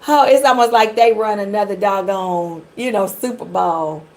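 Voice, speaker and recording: A woman's voice: mid-range voice, normal speed, poor audio. A middle-aged woman from the Detroit area giving a live tarot reading, chatting and rambling straight to her viewers. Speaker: tarot reader.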